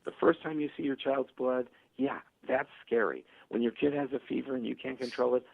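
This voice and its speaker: A male author telling stories and acting out parents' voices in a radio interview, with a husky, gravelly voice. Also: medium pitch, steady tone, fairly quick. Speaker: author guest. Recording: tinny phone line.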